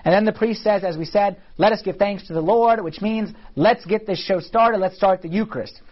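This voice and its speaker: A man with a high voice gives a relaxed church lesson to a class, checking in with quick questions as he goes. The recording sounds dull and lo-fi. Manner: conversational, asks the class questions. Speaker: church teacher. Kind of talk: casual teaching talk on liturgy.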